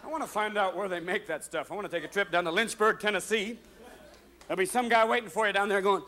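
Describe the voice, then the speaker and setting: A man with a very high voice tears through a stand-up set on a theater stage, jumping manically from one voice to the next. The live concert recording carries loud audience laughter and a noisy room behind him. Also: a crowd in the background. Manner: manic, rapid voice switching. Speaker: stand-up comedian.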